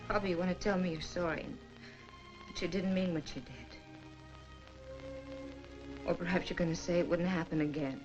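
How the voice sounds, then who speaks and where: A woman's voice: lowish voice, steady tone, fast talker, over music, close to an everyday voice. An actress playing a bitter young woman turning her man away, cold, scornful and firm. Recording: dull old film soundtrack with score.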